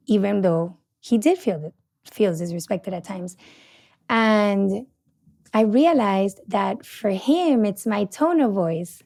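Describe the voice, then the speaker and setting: A middle-aged woman, a couples therapist hosting a podcast, talking passionately and loudly with many restarts. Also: medium pitch, lively intonation, takes it slowly, vocal fry. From Puerto Rico. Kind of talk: casual podcast teaching.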